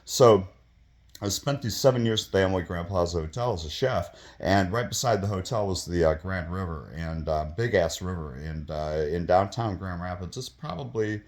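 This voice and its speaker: A man in his fifties telling a casual story, rambling and profane, with many fillers and sudden bursts of excitement. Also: deep voice, normal speed. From Michigan, US. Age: 50s. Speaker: vlogger telling his own stories.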